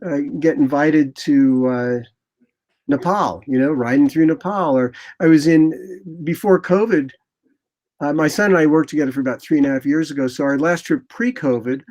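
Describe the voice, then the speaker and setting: A man in his sixties, a photographer guest in an interview, telling rambling, animated anecdotes and acting out what people said. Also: on the high side, normal speed. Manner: animated, rambling anecdotes with lively quoted asides. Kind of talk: casual interview storytelling.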